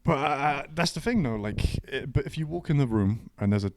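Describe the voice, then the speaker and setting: A young man co-hosting a podcast, joking around in a relaxed, rambling way with lots of fillers. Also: mid-range voice, fairly quick, no room sound. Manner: laid-back, joking, trails off with fillers. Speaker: podcast co-host. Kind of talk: casual chat.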